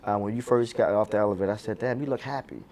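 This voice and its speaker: A man's voice: lowish voice, racing, darkish tone. A man hosting a radio interview, talking casually and agreeing often as his guest speaks. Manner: casual, empathetic, frequent agreeing backchannel. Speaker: radio host. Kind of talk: interview conversation.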